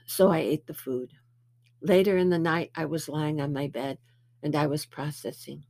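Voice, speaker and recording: A woman's voice: deep voice, steady tone, moderate pace, darkish tone, no room sound. A woman giving a spiritual talk, telling anecdotes with chatty storytelling and playful self-mockery. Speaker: spiritual speaker.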